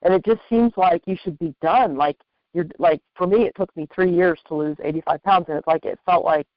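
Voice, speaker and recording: An interview host talks in an easy, encouraging way and comes back to the same points more than once. The voice sits at a middle pitch. The sound is dull and lo-fi, dry with no room around it. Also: fairly quick, dry recording. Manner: encouraging, conversational, repeats points. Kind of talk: casual interview chat.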